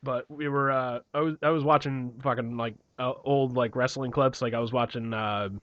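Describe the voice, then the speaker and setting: A man's voice: medium pitch, steady tone, normal speed. A young man co-hosting a podcast, telling rambling stories with lots of swearing. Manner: rambling storytelling, heavy swearing. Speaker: podcast co-host. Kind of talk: casual chat. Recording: dull lo-fi, dry.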